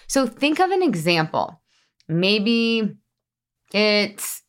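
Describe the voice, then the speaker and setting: A woman's voice: medium pitch, fairly bright tone. A woman in her thirties hosting a podcast, talking casually and laughing often as she speaks straight to her listeners. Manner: chatty, laughs often, addresses listeners as you guys. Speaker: podcast host.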